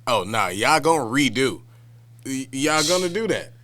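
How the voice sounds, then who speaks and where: A man's voice: mid-range voice, very animated, normal speed, crowd noise. A man co-hosting a podcast in casual chat, laid-back and laughing often as he tells detailed stories. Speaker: podcast co-host. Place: Wisconsin.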